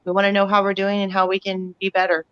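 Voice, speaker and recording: A woman's voice: mid-range voice, monotone, fast, clear, resonant tone, highs cut off. A woman from Texas, a company guest chatting in a friendly, easygoing way on a video call. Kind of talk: casual chat on a live stream.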